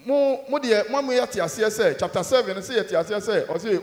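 A Ghanaian man preaching in a church, his fairly high voice ringing in a roomy hall. He preaches emphatically, rising loud on key points and dropping to low murmurs. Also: animated, brisk. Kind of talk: sermon mixing Twi and English.

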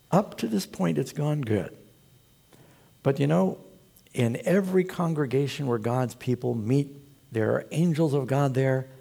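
A man preaching a sermon as pastor, telling the story with animated, storytelling delivery. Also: on the high side, gravelly, husky.

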